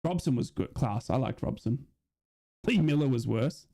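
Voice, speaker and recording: An Australian man streaming a football watch-along, chatting with viewers in a rambling, excitable way and often asking "you know what I mean?". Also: medium pitch, normal speed, vocal fry. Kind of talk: live commentary chat with viewers.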